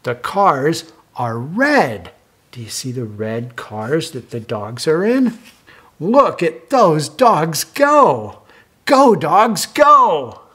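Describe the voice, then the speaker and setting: An older man reading a children's picture book aloud, slow and lively, stopping to ask young listeners questions. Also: on the high side, husky.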